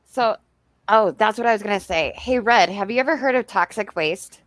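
A woman's voice: medium pitch, moderate pace, no echo. A woman hosting a casual chat with friends, chatty and upbeat, laughing often.

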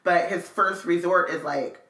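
Rich: A woman talking casually and thoughtfully about a book she reads aloud with a friend, with many pauses and fillers. Her voice is bright and forward, and the room around her is echoey. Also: fairly low pitch. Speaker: co-host. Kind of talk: book read-along chat.

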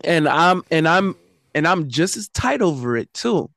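A man in casual podcast talk, easygoing and halting, with restarts. His voice is a bit high, and the sound is dry and close. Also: vocal fry, no echo. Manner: relaxed, halting with restarts, laughing asides. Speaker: podcast co-host. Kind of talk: casual chat.

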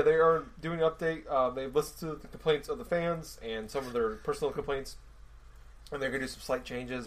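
A man hosting a casual podcast, rambling, swearing and laughing as he goes. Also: mid-range voice. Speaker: podcast host. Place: home room next to a mini fridge.

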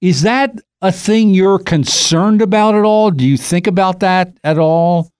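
Brief: middle-aged male host, slightly high voice with lots of swing, chatty, dry close sound. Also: measured pace, darkish tone, clean tone, dry recording. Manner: chatty, laughs easily. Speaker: podcast host. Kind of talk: casual interview chat.

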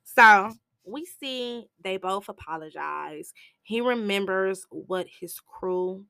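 A woman hosting a podcast, recapping a film in a casual, animated way, bluntly swearing and jumping into higher voices to act out what the characters say. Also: slow pace, gravelly, clear, resonant tone, no room sound, studio quality. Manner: animated storyteller who jumps into high voices to act out quotes. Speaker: podcast host reviewing a film.

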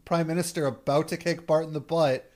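A man's voice: a little high, steady tone, brisk, a little mellow. A man co-hosting a casual podcast, playful and joking. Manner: playful, jokey. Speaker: podcast co-host.

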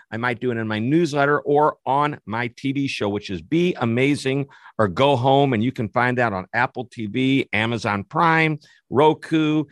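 A man's voice: mid-range voice, fairly bright tone, no room sound, clean studio sound. A man hosting a business radio show, chatty and enthusiastic as he introduces his guest. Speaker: podcast host.

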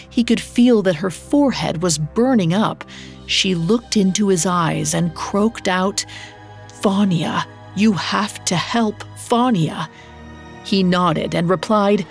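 Slow, low-voiced woman storyteller. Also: gravelly. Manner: measured, steady reading. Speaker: narrator. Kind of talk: scripted storybook narration.

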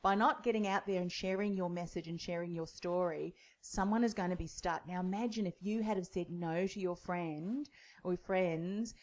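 Woman, podcast host, attentive, affirming, fairly low voice. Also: normal speed, a little mellow. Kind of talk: interview chat.

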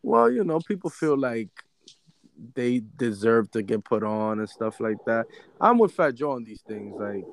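A man's voice: mid-range voice, sing-song, unhurried, vocal fry. A man co-hosting a casual chat, blunt and dryly teasing. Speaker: podcast co-host.

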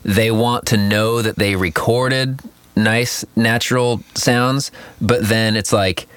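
A man's voice: on the low side, steady tone, takes it slowly, a bit bright, clean tone, dry recording. A man in casual chat, answering questions about producing music with lots of fillers and acted-out quotes. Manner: rambling, many fillers, acts out quotes.

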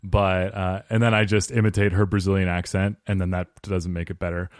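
A man's voice: sits low, level tone, brisk, no echo. Joking male podcast host, dry sound. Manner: playful, joking. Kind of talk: casual podcast chat.

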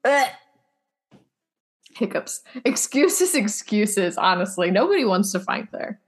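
A woman's voice: mid-range voice, sing-song, a little slow. A woman co-hosting a podcast in casual chat, blunt and joking, swearing freely. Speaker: podcast co-host.

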